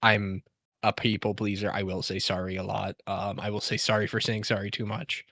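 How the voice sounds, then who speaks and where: A man from Canada in casual chat, speaking haltingly with many restarts. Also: lowish voice, flat delivery, sharp tone, dry recording, studio quality.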